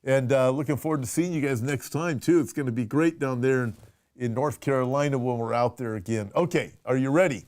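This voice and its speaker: A man's voice: mid-range voice, fairly quick, a little mellow, no echo. A man, a pastor, hosting a casual conversational show with lots of restarts as he talks. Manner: conversational, restarts and fillers, reads viewer questions. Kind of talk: casual chat.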